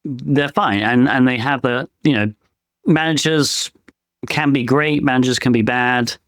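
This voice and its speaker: A penetration tester co-hosts a podcast, chatting casually and working out his opinions as he speaks. His medium-pitched voice is a bit bright and unhurried, recorded dry with clean studio sound.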